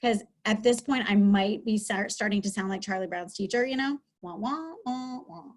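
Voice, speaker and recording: A woman's voice: mid-range voice, brisk. A middle-aged woman, a school counselor, giving an upbeat, chatty webinar lesson from home over a video call, with many fillers. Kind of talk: webinar teaching talk.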